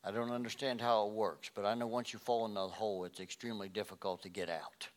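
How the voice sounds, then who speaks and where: A male pastor preaching a sermon, swinging from loud emphatic rises to quiet low passages and often repeating words as he restarts phrases. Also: steady tone, quick pace.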